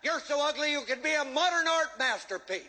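Bullying drill sergeant in a war film, high sharp bark with a long reverb tail. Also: male voice, lively intonation, fairly quick, exaggerated voice. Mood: barking abuse. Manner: barking insults, bullying. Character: brutal, foul-mouthed male drill sergeant.

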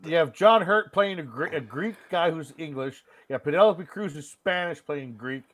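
Blunt, swearing man with a lively voice. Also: fairly high pitch, moderate pace, dry recording. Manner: blunt, profane, animated, puts on silly voices. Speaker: podcast co-host. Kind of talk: casual movie-review chat.

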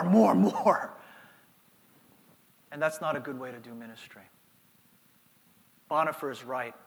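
A man's voice: medium pitch, a bit bright, in a large hall. A middle-aged man from New York preaching a sermon as pastor, earnest and repeating words as he builds up. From New York, United States.

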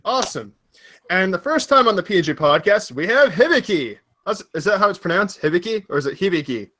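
A man's voice: high-pitched, sing-song, fairly quick, bright, forceful tone, slight background noise. A man hosting a casual gaming podcast, upbeat and hyped as he introduces his guests. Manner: upbeat, hyped, bouncy delivery. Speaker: podcast host.

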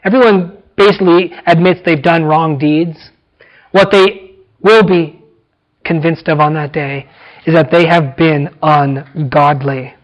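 Emphatic preacher, a fairly high male voice. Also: steady tone, highs cut off. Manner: emphatic, repeats phrases, slows down for weight. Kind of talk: expository sermon.

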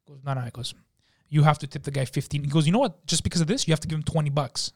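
A man telling a story in casual chat in a podcast studio, animated and profane, acting out the people in it. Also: a little high, rapid-fire. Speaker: podcast guest.

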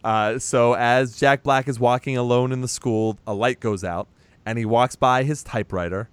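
A man's voice: medium pitch, fairly even intonation, normal speed, clear, resonant tone, no echo. A man in casual chat, recapping a movie as a podcast host, chatty and teasing, swearing now and then.

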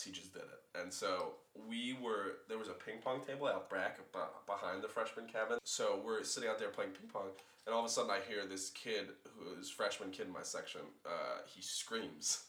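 Man, casual podcast storyteller, bright and lively, roomy distant sound. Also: lowish voice. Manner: animated, swears, acts out voices in stories. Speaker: podcast co-host. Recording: echoey room, mic at a distance.

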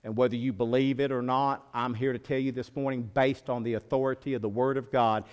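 A male pastor preaching a sermon, moving from quiet low teaching to loud, high-pitched preaching. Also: steady tone, a little fast, smooth.

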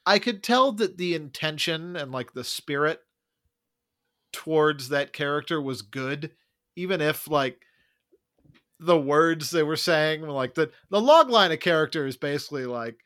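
A man's voice: on the high side, lively intonation, a little slow, fairly bright tone. A man discussing a movie casually as a podcast co-host, thoughtful and wry, hedging his points.

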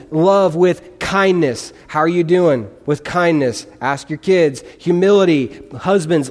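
In a church sanctuary, a male pastor with a high-sitting, slightly mellow voice preaches earnestly and conversationally, posing questions to his congregation. The recording carries the long reverb of a large hall.

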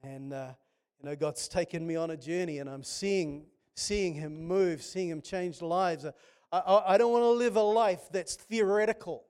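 A man's voice: sits high, fairly even intonation, moderate pace, a little mellow, clear, resonant tone. A man preaching a sermon, telling stories with passion and frequent restarts. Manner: impassioned, storytelling with many restarts.

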